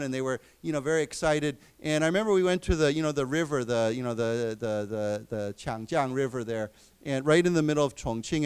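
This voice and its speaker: A man teaching an English class, explaining words slowly and repeating them. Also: on the high side, clean tone. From United States. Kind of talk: lecture. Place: library lecture room.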